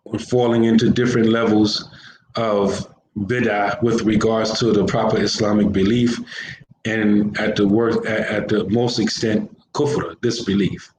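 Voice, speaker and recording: A man's voice: on the low side, fairly even intonation, a little slow. Man, religious teacher, casual lesson, repeats himself, slangy, echoey room, faint hiss. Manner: conversational, repeats phrases, everyday slang. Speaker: Islamic teacher. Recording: roomy echo with faint background hiss.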